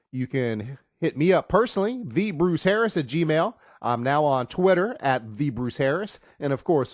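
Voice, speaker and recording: A man hosting a podcast, casually rambling through joking sports stories after a loud, drawn-out opening. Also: medium pitch, no echo, studio quality. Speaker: podcast host.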